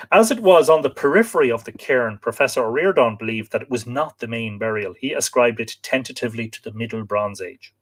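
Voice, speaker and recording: An Irish man with a mid-range voice hosts a live stream, reading aloud from a book and tossing in chatty asides for his viewers. Now and then he spells out place names.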